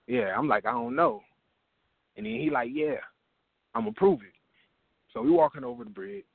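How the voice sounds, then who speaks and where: Gravelly man telling a comic story by phone. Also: medium pitch, a little fast, dry recording. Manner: animated, acts out voices in his story. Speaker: open mic comedian calling in. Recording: tinny phone line.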